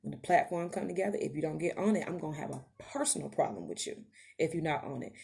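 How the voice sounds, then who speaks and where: A woman's voice: sits low, big pitch swings, fast, gravelly, dark tone. A woman podcast host, giving an impassioned motivational monologue that rises to emphatic calls to her listeners. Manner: preachy, rising to emphatic calls to the audience.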